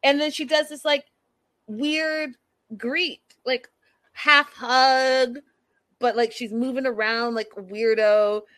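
A young woman with a high, slightly bright voice and fairly even intonation takes her time recapping a reality show, with no echo in the recording. She chats incredulously and talks right to her viewers, whom she calls "you guys."

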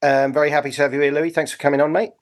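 A man's voice: fairly high pitch, flat delivery, very fast. A man hosting a football podcast, chatting casually with lots of fillers and restarts. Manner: hesitant, full of fillers and restarts. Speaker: podcast host. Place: on holiday, speaking remotely.

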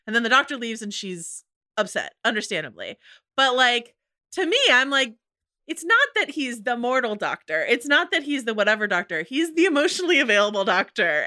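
A woman co-hosting a podcast in casual chat, animated and emotional, swearing freely. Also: on the high side, dry recording, studio quality. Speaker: podcast co-host.

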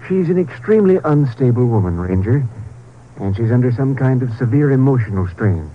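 A man playing a measured, clinical doctor. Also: medium pitch, expressive, lightly acted. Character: measured, professional male doctor. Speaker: psychiatrist. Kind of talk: 1940s radio acting. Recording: tinny old radio broadcast, faint hiss.

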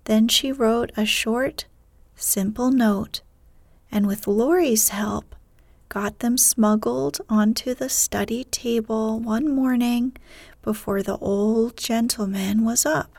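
A woman narrating a storybook in a soft, gentle whisper with measured phrasing. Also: on the high side, steady tone, vocal fry, no echo.

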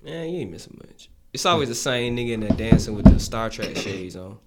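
A man's voice: mid-range voice, expressive, brisk, over loud music. A young man co-hosting a podcast, trading wisecracks in casual, slangy banter. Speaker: podcast co-host. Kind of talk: casual chat.

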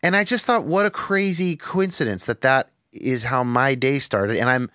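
A man's voice: mid-range voice, expressive, normal speed, pushed and bright, smooth, no room sound, clean studio sound. Frank, reflective male podcast host. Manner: reflective, frank, swears freely, thinks aloud with restarts. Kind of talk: candid podcast conversation.

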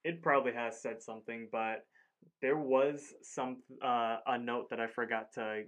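A man's voice: mid-range voice, fairly even intonation, normal speed, a bit bright. A man co-hosting a podcast, chatting casually through a cartoon episode recap, rambling with lots of "like" and acting out the characters' lines. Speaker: podcast co-host.

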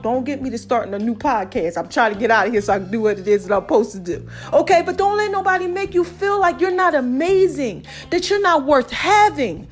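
A woman vlogger giving casual motivational advice to her viewers, playful and laughing, calling them "baby" and "y'all". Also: high-pitched.

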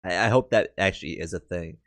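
Easygoing podcast co-host man with a very deep voice. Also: fast talker, a bit bright, no echo. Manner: easygoing, hedging with "like" and "I feel as if". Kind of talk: casual chat.

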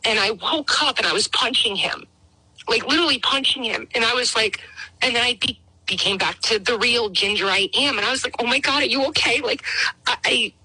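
Middle-aged woman on a call telling her story, emotional and rambly, really bright voice, husky. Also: on the high side, fairly quick, rough recording. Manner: emotional, rambling, acts out her own past words. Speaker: guest caller. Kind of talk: personal testimony.

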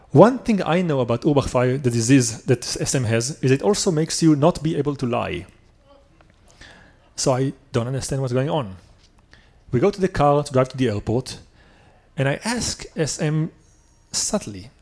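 A man's voice: fairly high pitch, expressive, moderate pace, darkish tone. Earnest man telling a personal story. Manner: earnest, self-critical confessional telling. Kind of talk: personal story told live on stage.

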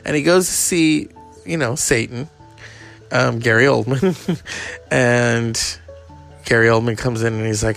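A man's voice: medium pitch, a little slow, gravelly, long pauses, a bit bright, faint music behind. A man hosting a podcast, rambling in a crude, sarcastic casual monologue. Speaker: podcast host.

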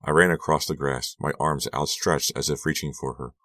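A man narrating a horror audiobook in a measured, tense reading. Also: rumbling low, fairly even intonation, bright, forceful tone, no room sound, clean studio sound.

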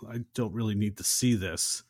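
A man's voice: fairly low pitch, moderate pace, a little mellow, dry recording, studio quality. A man co-hosting a podcast, recapping a film scene in a casual chat with long chains of "and". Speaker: podcast co-host.

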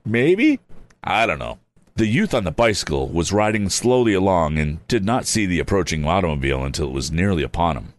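A man reading an old adventure book aloud in a relaxed, casual way. His voice is low, with lively rises and falls. He breaks off now and then for chatty, wry remarks. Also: fast, hardly any pauses. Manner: chatty, adds wry asides. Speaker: reader. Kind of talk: casual storybook read-aloud.

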